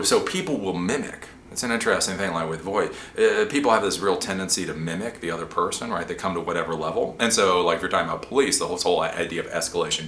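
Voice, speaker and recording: A man hosting a show, answering a viewer's question in a rambling, animated way. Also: low-pitched, echoey room, a little hiss or hum. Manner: rambling, animated, with frequent laughs and restarts. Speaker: host.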